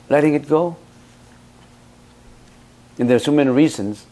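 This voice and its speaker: A man's voice: on the high side, unhurried, mellow. Emphatic male monk giving a dharma talk. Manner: emphatic, asks the listener rhetorical questions; blunt, scolding teacher. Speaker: Buddhist monk teaching. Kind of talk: dharma talk answering a question.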